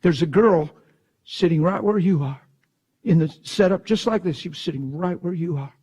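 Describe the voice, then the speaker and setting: A man preaching, telling a story in a hushed voice and then breaking into shouted bursts. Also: on the high side, moderate pace, slightly rough. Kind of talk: sermon storytelling.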